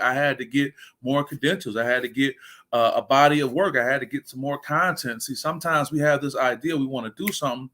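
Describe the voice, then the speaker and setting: Energetic, bright-voiced male motivational coach. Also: a little high. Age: 40s. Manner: energetic, preacher-like, reads out viewer comments. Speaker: sports coach and motivational speaker. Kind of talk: motivational livestream talk.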